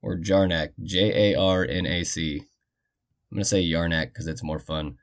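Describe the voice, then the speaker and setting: A man's voice: sits low, moderate pace. A man hosting a history storytelling podcast, narrating casually with jokey, rambling asides and muttered side remarks.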